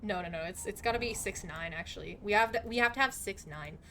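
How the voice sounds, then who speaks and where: A young woman live-streaming a video game, chatting to viewers in an excitable way, laughing often and swearing now and then. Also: mid-range voice, quick pace, slight background noise. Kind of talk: live gaming stream chat.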